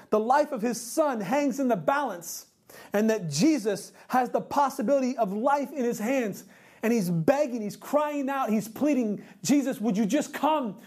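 Husky, emphatic preacher. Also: a little mellow. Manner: emphatic, repeats rhetorical questions, slows down and drops low for key points. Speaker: pastor. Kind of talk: sermon.

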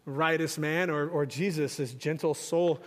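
A weary Roman governor putting questions to a crowd in a low, measured voice, as a male preacher puts him on. The sermon-style delivery rings with a long hall reverb. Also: steady tone, close to an everyday voice. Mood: questioning.

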